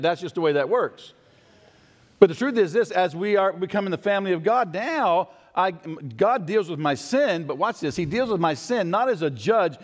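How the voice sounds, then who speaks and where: A man preaching a sermon as pastor, conversational and animated, asking the congregation rhetorical questions. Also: fairly high pitch. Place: church sanctuary. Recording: long hall reverb.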